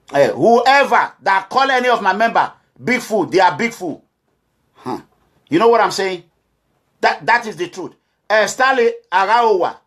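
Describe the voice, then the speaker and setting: A middle-aged man from Nigeria, speaking forcefully as a community advocate, urging and lecturing his listeners. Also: high voice. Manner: forceful, exhorting, repetitive, quotes others in voices. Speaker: community advocate addressing followers. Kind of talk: impassioned monologue.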